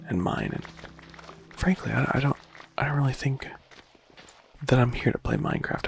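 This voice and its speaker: A man musing quietly in a casual, rambling way while playing a game, with a lot of vocal fry when he speaks softly. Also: medium pitch, normal speed, pauses often, slight background noise. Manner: soft-spoken, rambling and reflective. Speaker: gaming vlogger.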